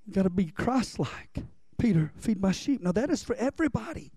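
A man's voice: sits high, big pitch swings, a little fast, dark tone, husky, dry recording. A man preaching a conversational sermon as pastor, repeating lines for emphasis and asking his congregation questions.

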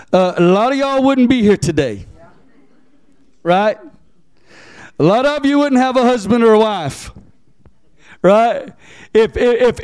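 Male pastor with a high voice and a dry, close sound, preaching in a chatty way that keeps asking the congregation "right?". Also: darkish tone, no room sound. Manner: conversational preaching, frequent "right?" and "amen?" asides to the congregation; repeats words as he restarts sentences. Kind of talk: sermon.

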